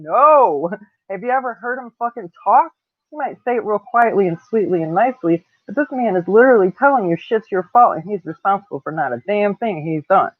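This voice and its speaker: A woman's voice: medium pitch, dry recording, narrow, tinny audio. Late-30s woman ranting her story, cussing nonstop, thin phone-ish sound, dead dry. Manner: blunt, heavy swearing, laughs between lines. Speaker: vlogger telling a personal story. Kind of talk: casual storytelling to camera.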